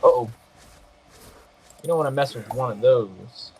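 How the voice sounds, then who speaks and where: A man's voice: mid-range voice, a little slow, a little mellow, husky, poor audio. A man casually talking through his own mobile game match as he plays, reacting to each move. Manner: talks to himself while playing, reacting to the match. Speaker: gaming podcaster. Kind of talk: casual live gameplay commentary.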